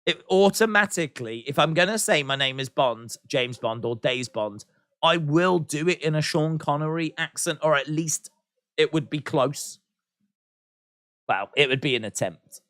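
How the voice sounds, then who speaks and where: Bright-voiced man hosting a live chat. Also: a little high, expressive, unhurried, long pauses, no echo, studio quality. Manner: chatty, reads out and answers viewer comments; playful teasing humor. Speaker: livestream host. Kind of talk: live watch-along chat.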